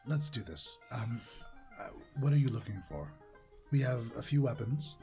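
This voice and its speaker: A nondescript businessman selling ship weapons, played by a man in a low, hushed, even tone. He weighs every word and never raises his voice. Soft music lingers in the background. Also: normal speed, close to an everyday voice. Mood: businesslike. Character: bland, businesslike male arms dealer in sunglasses.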